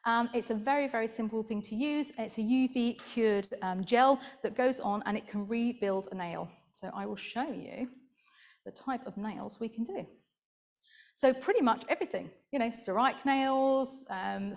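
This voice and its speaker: A woman podiatrist presenting slides at a conference, chatty and laughing at her own asides. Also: mid-range voice.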